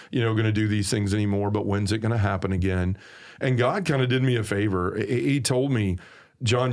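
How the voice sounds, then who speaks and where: A man with a Southern US accent, a podcast guest giving an earnest, preacherly personal testimony. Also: lowish voice.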